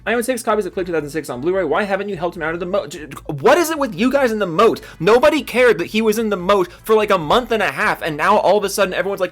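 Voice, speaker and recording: Fluchender, genervter junger Mann. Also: male voice, high-pitched, quick pace, hardly any pauses. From Seattle, USA. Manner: exasperated, profane and sarcastic, with sudden loud yelps. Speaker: gaming YouTuber. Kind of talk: ranting commentary and reading out supporter names.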